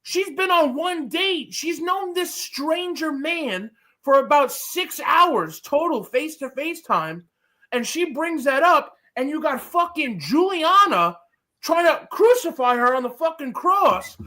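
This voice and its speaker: Bright-voiced man ranting profanely. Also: extremely high pitch, unhurried. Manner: blunt, profane, animated ranting. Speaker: podcast co-host. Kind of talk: casual reality-TV recap banter.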